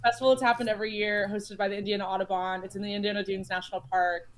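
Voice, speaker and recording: A woman's voice: mid-range voice, flat delivery, racing. A woman from Chicago, a guest in a casual chat, telling long rambling stories with lots of fillers and restarts. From United States (Chicago). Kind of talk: casual chat while playing a board game.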